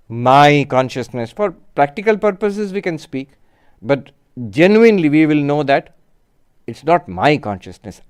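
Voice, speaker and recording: A man, a spiritual teacher giving a reflective, unhurried lecture and answering audience questions. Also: on the high side, clear, resonant tone. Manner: unhurried, reflective, lists terms slowly.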